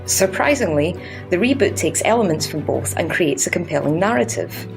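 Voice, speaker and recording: Scottish woman, game reviewer, sarcastic, crude, lowish voice, scripted review narration. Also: expressive, normal speed, creaky, faint music behind.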